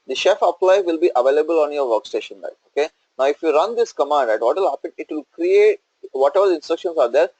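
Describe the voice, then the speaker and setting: A man's voice: mid-range voice, darkish tone, slightly rough, no room sound, dull audio. A male instructor walking through a coding tutorial on screen, explaining step by step and checking in with "okay?" and "right?".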